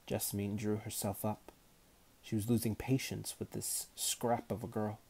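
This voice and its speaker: A man reading a novel aloud as narrator in a measured, unhurried manner. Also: fairly low pitch, level tone, creaky, darkish tone, breathy edge. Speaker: audiobook narrator.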